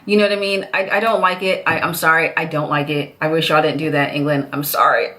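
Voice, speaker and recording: A young woman from the United States, chatting casually to camera with lively, chatty talk that keeps slipping into quoted voices. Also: low voice, fairly quick. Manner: chatty, animated, jumps into voices. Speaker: vlogger.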